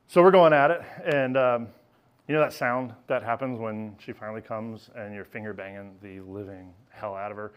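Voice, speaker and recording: A man's voice: on the low side, normal speed, a little hiss or hum. A man telling a candid, self-mocking personal story on stage at a live storytelling event, laughing as he goes.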